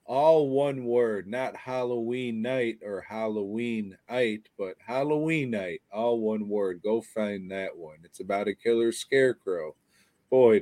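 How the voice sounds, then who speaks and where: A man's voice: medium pitch, mellow, dry recording. A tired man co-hosting a podcast, ranting sarcastically and profanely about a bad movie in a rambling, casual way. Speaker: podcast co-host.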